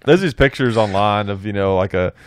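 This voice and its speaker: A man's voice: lowish voice, fairly quick. A man co-hosting a podcast in casual chat, often hesitant and searching for words. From United States. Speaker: podcast co-host.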